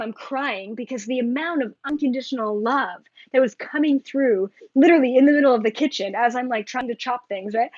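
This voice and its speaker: A woman with a fairly high voice rambles excitedly to her viewers, her talk full of filler likes and quick asides. The sound is dry and a little dull, with no room around it. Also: dry recording. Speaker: spiritual vlogger. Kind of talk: casual monologue to viewers.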